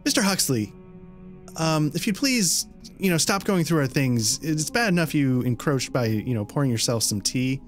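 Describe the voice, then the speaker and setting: A man's voice: fairly high pitch, expressive, moderate pace, faint music behind, pitched above the performer's own voice, close to an everyday voice. A man voicing a prim, stern woman innkeeper who scolds a guest in formal, polite terms. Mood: primly scolding. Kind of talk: tabletop role-play voice acting.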